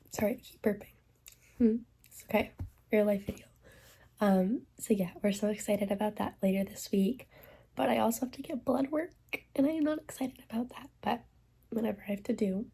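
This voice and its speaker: Congested young woman, husky and low-toned. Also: warm tone. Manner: candid, chatty, frequent "like" and "um". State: nauseous and congested. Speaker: vlogger. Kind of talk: casual pregnancy vlog. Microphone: phone held at arm's length.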